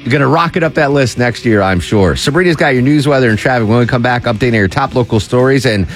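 A man's voice: medium pitch, fast talker, faint music behind. A man hosting a talk radio show, joking and bantering casually with a cohost.

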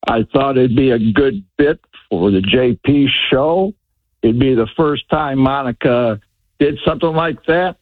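A man's voice: mid-range voice, a little slow, no echo. A man calling in to a radio show, rambling and hesitant. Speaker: caller. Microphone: phone. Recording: tinny phone line.

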